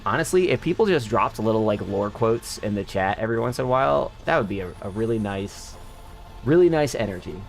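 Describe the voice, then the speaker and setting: A man's voice: lowish voice, animated, a little fast, gravelly, soft background music. A man streaming a video game, chatting casually and swearing freely with friends and viewers. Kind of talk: casual live-stream chat while gaming.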